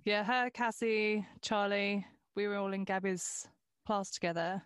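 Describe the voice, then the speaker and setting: A woman at mid pitch talking casually, loose and conversational. The sound is close and dry. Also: steady tone, unhurried, fairly bright tone, clear, resonant tone, dry recording. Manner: conversational, loose, frequent restarts and "like". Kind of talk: casual chat.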